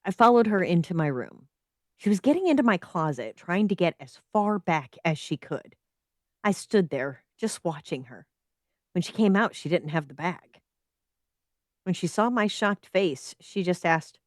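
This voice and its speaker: Lively woman reading a story aloud. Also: lowish voice, normal speed, no echo, studio quality. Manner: dramatic, reacts and comments mid-reading. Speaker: podcast host reading story submissions. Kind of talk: animated live-stream story reading.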